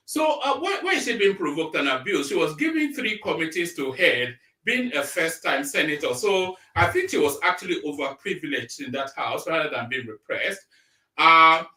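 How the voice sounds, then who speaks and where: A man's voice: on the high side, sing-song, normal speed, sharp tone. A man hosting a live stream, reading news aloud and breaking off into rambling, blunt, mocking asides. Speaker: live-stream commentary host. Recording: echoey room, voice a bit far from mic.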